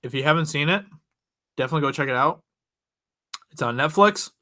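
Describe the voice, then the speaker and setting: A young channel host talks in a slightly high, expressive voice that's bright, forceful and fairly quick. He casually rambles through a personal story for his viewers, chatty and often laughing, with many restarts.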